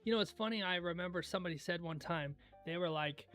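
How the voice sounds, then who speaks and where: A young man hosting a livestream in casual chat, laid-back and rambling into stories, often clearing his throat. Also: sits high, quick pace, fairly bright tone, soft background music. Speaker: livestream host.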